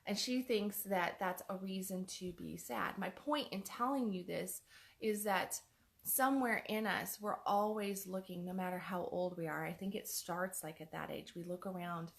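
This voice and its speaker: A woman's voice: mid-range voice, normal speed, gravelly. A woman life coach giving a chatty motivational talk, repeating her points for emphasis. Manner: chatty, acts out other people's words.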